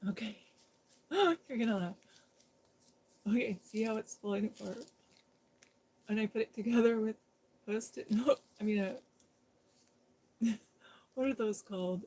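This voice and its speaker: A woman's voice: a little high, unhurried, long pauses, mellow, breathy edge. A middle-aged woman chatting casually with her viewers on a live stream, giggling often and speaking straight to people in the chat, recorded on her phone.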